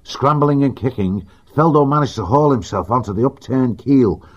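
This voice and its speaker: A man narrating an animal adventure audiobook in a steady, vivid reading. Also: mid-range voice, normal speed. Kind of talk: scripted storybook narration. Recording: dull lo-fi recording.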